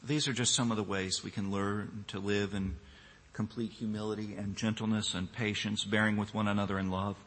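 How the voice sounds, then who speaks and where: A man's voice: on the low side, flat delivery, a little fast, a bit bright. A man preaching a sermon to his congregation and closing in prayer, speaking earnestly and building up emphasis. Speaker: pastor. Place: church. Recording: long reverb of a church hall.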